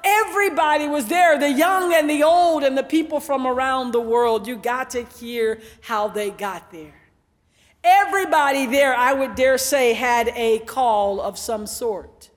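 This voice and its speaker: A high-voiced woman pastor delivers an animated sermon, telling her story and calling out to the congregation. Her voice rings with a long reverb from the church sanctuary. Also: measured pace.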